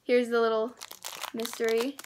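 A teenage girl casually unboxing squishy toys, gushing and excitable, rambling with many fillers. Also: a little high, moderate pace, slight background noise. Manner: gushing and excitable, with gasps and squeals; rambling, with many likes and self-corrections. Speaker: squishy toy haul vlogger.

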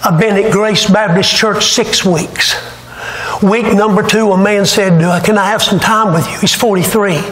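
A man's voice: high voice, steady tone, normal speed. A man preaching a revival sermon, telling stories with fervor. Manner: fervent storytelling preacher, rising to shouts. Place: church sanctuary. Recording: echoey church room, faint ambience.

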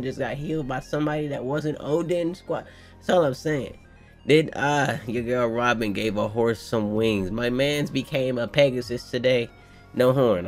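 Gravelly, excitable young man riffing on manga. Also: medium pitch. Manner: excitable, slangy and profane, riffing to viewers. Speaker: manga reaction host. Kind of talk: casual live reaction commentary.

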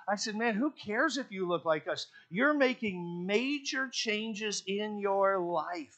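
Male pastor, high voice, folksy humorous sermon delivery in church. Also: measured pace, hardly any pauses. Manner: folksy, joking storyteller with lively emphasis.

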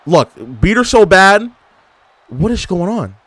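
A young man giving casual, animated gameplay commentary as a gaming YouTuber, trash-talking and exclaiming. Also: sits high, slow, breathy edge, no echo. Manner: animated trash talk, frequent laughs and exclamations.

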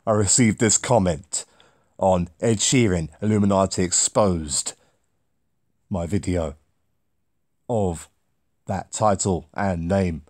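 A man's voice: sits low, takes it slowly, long pauses, a little mellow, dry recording, clean studio sound. A man hosting his own video channel, chatting casually and wryly and thinking aloud as he goes. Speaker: host of a conspiracy-watching channel.

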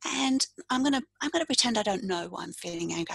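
A coach and tapping practitioner, appearing as a podcast guest, guides the listener point by point through a tapping routine, calmly instructing and saying the phrases aloud. Her middle-pitched voice is soft and slightly breathy, and she speaks fast with few pauses. The rough recording is dry and close, with no room sound.

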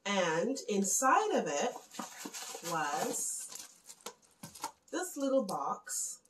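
A woman in her thirties from the West Indies, chatting casually and warmly gushing to viewers as she shows her Christmas gifts. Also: medium pitch, very animated, very slow, reverberant, slight background noise, low-quality recording. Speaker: home vlogger. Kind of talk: casual gift show-and-tell.

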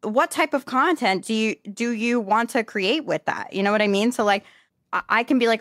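A woman with a New York accent, co-hosting a podcast in casual, animated chat, self-described as audacious and bold. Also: fairly high pitch, moderate pace, no room sound, clean studio sound. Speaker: podcast co-host.

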